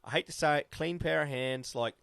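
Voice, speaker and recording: A man's voice: a little high, a little fast, creaky, fairly bright tone, smooth, dry recording, clean studio sound. A man co-hosting a casual motor-racing chat podcast, opinionated and prone to restarting his sentences. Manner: opinionated, restarts and repeats himself. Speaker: podcast co-host.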